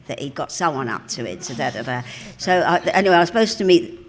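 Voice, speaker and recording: Chatty older London woman, low voice. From England. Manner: chatty, animated storytelling with bursts of laughter; mouthy, cheeky. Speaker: interviewee. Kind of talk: live stage interview anecdote. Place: cinema auditorium with live audience.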